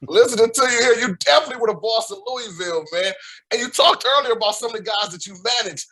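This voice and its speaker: A podcast host asks his guest questions in a casual, eager way and chimes in to agree. His voice is very high for a man. It sounds bright and sharp. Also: fast, breathy edge. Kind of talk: casual interview chat.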